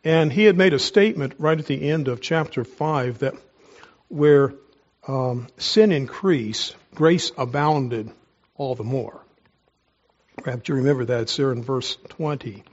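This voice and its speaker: Pastor guy preaching, voice a bit worn out, earnest, kinda muffled lo-fi recording. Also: medium pitch. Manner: earnest, emphatic, pauses to ask listeners directly. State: strained voice, taking cough drops. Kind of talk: sermon.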